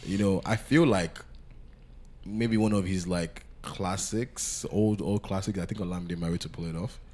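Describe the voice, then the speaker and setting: A man's voice: deep voice, steady tone, moderate pace, warm tone, slight background noise. A man co-hosting a podcast, chatting casually in a joking, teasing way. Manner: joking, teasing banter with restarts. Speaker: podcast co-host. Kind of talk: casual chat.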